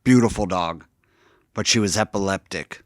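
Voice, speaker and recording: A young man, a comedian co-hosting a podcast, telling childhood stories in a deadpan way. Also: sits low, normal speed, no room sound, clean studio sound. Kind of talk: casual chat.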